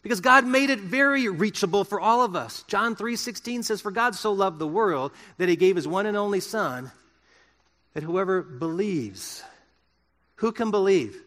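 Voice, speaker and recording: Man, pastor, sermon, earnest conversational preaching, rhetorical questions, slightly high voice, long hall reverb. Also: lively intonation, moderate pace, sharp tone.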